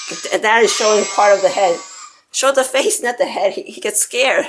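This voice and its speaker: A woman narrating a casual home video, excitable and cooing baby talk to her pet bird. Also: medium pitch, normal speed, music in the background, low-quality recording. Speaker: pet vlogger. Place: at home indoors.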